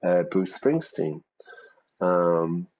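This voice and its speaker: Deep-voiced chatty teacher, lo-fi audio. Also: male voice, sing-song, very slow, gravelly, a little mellow. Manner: chatty, checks in with frequent "yeah?". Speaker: English teacher streaming a game. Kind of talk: casual teaching while gaming.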